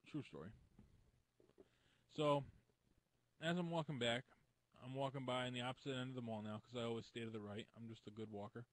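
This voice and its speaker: A man in the middle of a casual story, blunt and wry, swearing freely. His voice sits at an ordinary pitch. He tells it like a regular on a comedy talk show. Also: steady tone, fairly quick, long pauses, poor audio.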